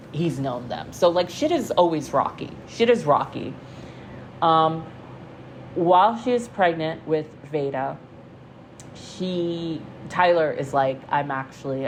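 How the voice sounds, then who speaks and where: A woman's voice: sits low, a little mellow, slight background noise, poor audio. A young woman giving casual, profane gossip commentary, full of fillers and restarts. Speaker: commentary vlogger.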